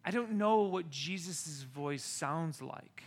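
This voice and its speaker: A middle-aged American man preaching a sermon, telling a personal story with animated, excited bursts. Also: a little high, slow pace. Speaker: pastor.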